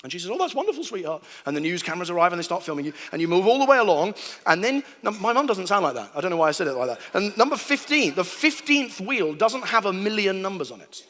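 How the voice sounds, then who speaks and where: A man's voice: high voice, big pitch swings, fast, bright, forceful tone, big-room sound. A man giving a humorous sermon to a live audience, acting out sounds and voices as he tells stories. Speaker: preacher giving a talk. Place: large hall before an audience.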